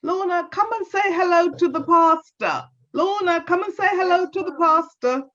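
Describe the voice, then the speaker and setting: A woman's voice: very high voice, moderate pace, fairly bright tone, pitched above the performer's own voice. A woman voicing a stern old grandmother who is easily vexed, scolding and insistent. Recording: dull lo-fi recording.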